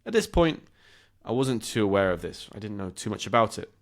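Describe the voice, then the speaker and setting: A man's voice: fairly low pitch, fairly quick. Self-deprecating man telling a story. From southern England. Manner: self-deprecating, animated, laughs at himself. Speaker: podcast host. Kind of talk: personal storytelling for English learners.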